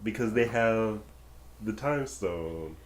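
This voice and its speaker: A man's voice: on the low side, animated, takes it slowly, roomy sound, slight background noise, poor audio. A man co-hosting a casual podcast chat, musing loosely with plenty of fillers. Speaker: podcast co-host.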